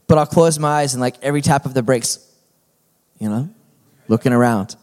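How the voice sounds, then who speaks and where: A man's voice: mid-range voice, brisk, darkish tone. A middle-aged male pastor preaching a sermon in a folksy, conversational manner that builds to emphatic points.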